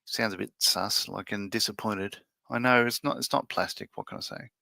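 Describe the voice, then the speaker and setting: Male streamer, gravelly, hesitant and musing, dry close sound. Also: fairly low pitch, moderate pace, sharp tone, no room sound. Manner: musing, hesitant, many fillers and restarts. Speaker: livestream host building a model ship. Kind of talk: casual live-stream chat.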